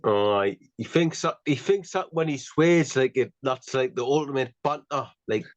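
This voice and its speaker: A man's voice: mid-range voice, normal speed, no room sound, highs cut off. A man with a Geordie accent co-hosting a podcast, in laid-back, joking casual chat. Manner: laid-back, laughing, swears. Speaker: podcast co-host.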